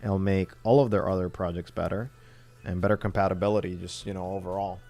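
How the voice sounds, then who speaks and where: A man's voice: sits low, fairly even intonation, fast talker, dark tone, soft background music. A man from the southern United States chatting casually on a livestream while building a phone kit, rambling and thinking aloud as he works.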